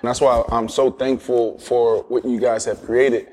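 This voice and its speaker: A male interview host who asks relaxed questions with fillers. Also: medium pitch, a little slow, long reverb tail. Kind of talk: casual interview.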